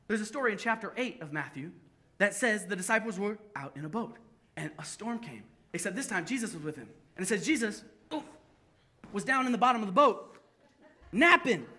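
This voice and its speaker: A young adult man preaching a sermon at a church service, telling stories lively with self-deprecating humor. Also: extremely high pitch. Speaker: pastor.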